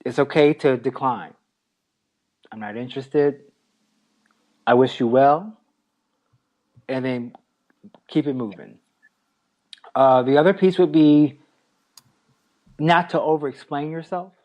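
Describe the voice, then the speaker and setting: A man co-hosting a casual podcast, giving relaxed advice point by point and laughing lightly. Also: mid-range voice, takes it slowly, long pauses. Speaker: podcast co-host.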